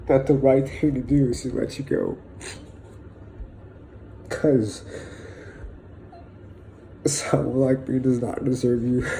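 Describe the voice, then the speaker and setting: A young man in an emotional personal monologue, halting and filled with pauses, sighs and fillers, sounding close to tears. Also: mid-range voice, mellow, slight background noise, rough recording. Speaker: vlogger.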